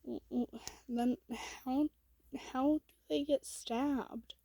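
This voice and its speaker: Woman voicing a timid male creature, whispered role-play: breathy, stammering, slow. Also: sits high, fairly even intonation, dry recording, full character voice. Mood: puzzled. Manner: stammering, soft and hushed.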